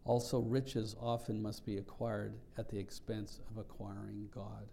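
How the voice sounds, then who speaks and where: A man's voice: lowish voice, little pitch movement, a little slow, gravelly, mellow, a little hiss or hum. A man pastor preaching a sermon, earnest and reflective, explaining scripture with frequent restarts.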